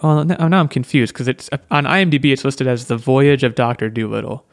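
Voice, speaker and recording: In a casual chat, a podcast host talks with lots of fillers, hedges, "like"s and restarts. His medium-pitched voice is steady and fairly quick, captured in a dry recording with studio quality.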